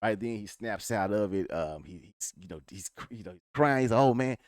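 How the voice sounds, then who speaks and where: A man's voice: fairly low pitch, lively intonation, brisk, dry recording, clean studio sound. A man giving a casual, rambling spoiler recap of a TV episode, swearing freely and talking in laid-back slang. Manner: profane, rambling retelling. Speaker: TV show reviewer.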